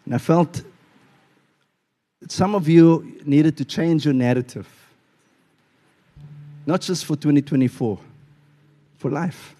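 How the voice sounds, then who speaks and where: A male pastor preaching a sermon in a church, animated and playful, acting out little voices as he tells a story. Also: a little high, slow pace, pauses often.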